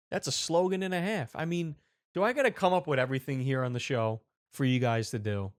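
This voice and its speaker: A man hosting a comedy commentary show, telling a rambling, animated story. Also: mid-range voice, brisk, dry recording, studio quality. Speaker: show host.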